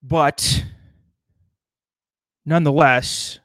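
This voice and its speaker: A man's voice: fairly high pitch, fairly even intonation, drawn-out words, a bit bright, no room sound. A man delivering a rambling, sardonic comedic monologue, swearing constantly as he riffs.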